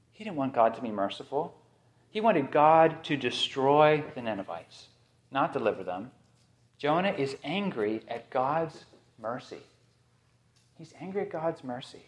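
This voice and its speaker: A man preaching a sermon as pastor, emphatic and fond of repeating key phrases for effect. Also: medium pitch.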